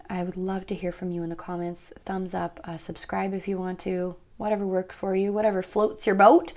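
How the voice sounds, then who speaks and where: A woman's voice: mid-range voice, dark tone. A young woman giving a casual pick-a-card tarot reading, chatty and rambling, often laughing at herself.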